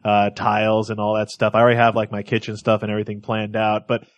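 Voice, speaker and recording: A man co-hosting a podcast in casual chat, telling stories in an animated way and laughing often. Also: on the low side, fast, no room sound, highs cut off. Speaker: podcast co-host.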